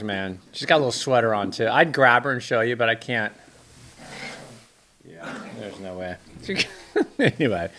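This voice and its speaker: A middle-aged man from Northern California rambles happily through a weather forecast from his home, his medium-pitched voice bright and forceful. It's casual forecast chat, loaded with chatty, enthusiastic asides.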